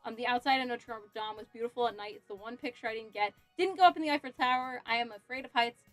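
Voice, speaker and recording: A woman's voice: fairly high pitch, fast talker, soft background music. A young adult woman chatting casually on a cosplay livestream while she works, telling stories with frequent giggles. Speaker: cosplay streamer.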